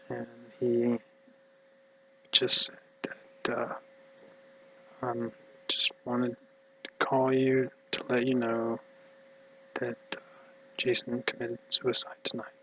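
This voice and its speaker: An exhausted man talks in a mumbly, halting ramble that keeps slipping into near-whispers. His voice has a bright edge but almost no rise and fall. A faint hum sits under it. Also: medium pitch, level tone, poor audio. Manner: halting, hushed, drifting into whispers. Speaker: vlogger. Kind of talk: rambling personal monologue.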